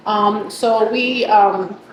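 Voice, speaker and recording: A restaurant owner from the Bronx talks casually and proudly about her cooking. She fills her pauses with ums and speaks at a middle pitch. The recording sounds echoey, with a steady noisy background. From the Bronx, New York. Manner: warm, proud, chatty with many ums. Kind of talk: casual interview. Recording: echoey room with background noise.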